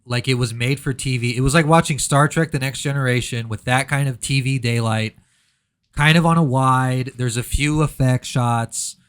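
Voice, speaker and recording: A man's voice: medium pitch, a bit bright. A man reviewing a horror movie in casual chat, ranting sarcastically with mock outrage.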